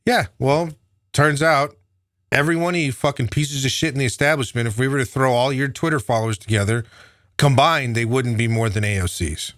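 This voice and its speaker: Male commentator, furious profane rant, mid pitch, dry close sound. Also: brisk, fairly bright tone, no echo. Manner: profane, heated, sneering. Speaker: political commentator. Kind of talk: angry political rant.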